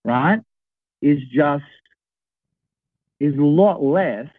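A man in his sixties, a guest telling an animated story and checking in with his listeners as he goes. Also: a little high, drawn-out words, no room sound. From Australia. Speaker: podcast guest, property investor. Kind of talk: storytelling in a conversation. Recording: tinny phone-like line, dry.

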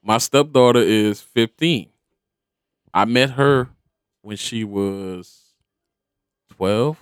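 A man's voice: on the low side, extremely slow, smooth, no echo, clean studio sound. A middle-aged man, a stepfather, telling a family story in casual, slangy talk full of profanity, acting out what each person said. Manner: animated, profane, slangy, acts out what people said.

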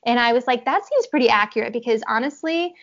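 A woman casually chatting, telling an animated personal story and acting out what people said. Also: fairly high pitch, fast, lo-fi sound. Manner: animated storytelling, acts out quotes, laughs often. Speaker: horse rider telling her story. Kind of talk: casual podcast chat.

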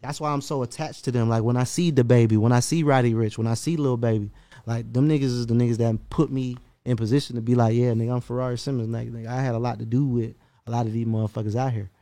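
Man, podcast host, rapid-fire casual storyteller, brash and profane. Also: medium pitch. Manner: animated storytelling, profane, fast-talking.

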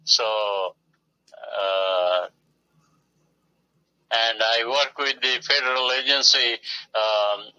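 Very bright-voiced man, halting speech. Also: medium pitch, dull audio. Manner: hesitant, many fillers. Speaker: poet guest. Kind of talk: casual interview chat.

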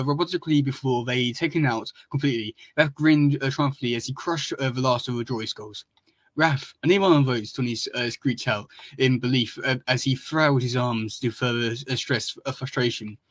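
A man hosting a podcast, reading fan fiction aloud in a halting way, full of ums, restarts and wry asides. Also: mid-range voice, no echo. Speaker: podcast host.

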